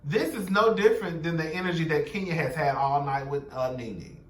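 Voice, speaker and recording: A man's voice: fairly high pitch, brisk, roomy sound, distant mic. A young man giving a sassy, blunt, profane recap of a reality TV episode, gossiping and quoting the cast. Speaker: show recap commentator.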